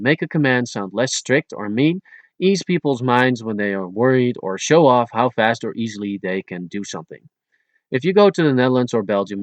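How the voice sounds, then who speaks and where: A man narrating a language-lesson audiobook in a slow, deliberate way, spelling words out letter by letter. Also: mid-range voice, no echo.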